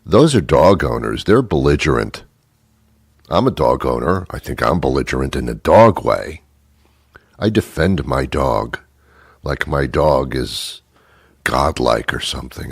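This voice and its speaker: A man's voice: rumbling low, animated, a little slow, husky, dry recording, clean studio sound. A man hosting a radio show, delivering a wry, rambling comic monologue with playful asides.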